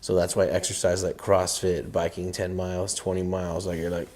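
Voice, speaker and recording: A man co-hosts a casual podcast with a very low voice. His tone is dark and relaxed, and he tells stories in an animated way, acting out what he was thinking at the time. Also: fairly quick. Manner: animated storyteller who acts out his own inner voice. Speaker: podcast co-host.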